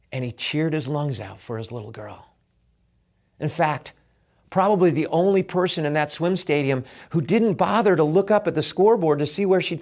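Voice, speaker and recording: A middle-aged man, a swim coach, telling a motivational story, swinging from loud excitement to hushed, intimate moments. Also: a little high.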